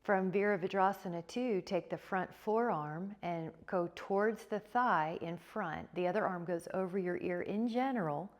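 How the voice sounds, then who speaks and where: A woman teaching a yoga class, giving calm, encouraging cues with repeated prompts to breathe. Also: on the low side, normal speed, hardly any pauses. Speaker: yoga instructor. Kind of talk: guided yoga class instruction.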